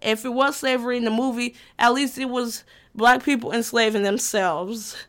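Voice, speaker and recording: A woman's voice: a little high, fairly even intonation, normal speed. A woman in her twenties talking casually as a vlogger, loose and profane, often restarting her sentences. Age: 20s. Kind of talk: casual chat.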